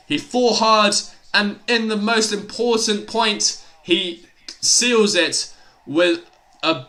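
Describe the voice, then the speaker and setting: Young guy doing hype live tennis commentary, high bright voice, yells at big points. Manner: exclaims loudly at big points, casual chatty asides. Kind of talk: excitable live play-by-play commentary.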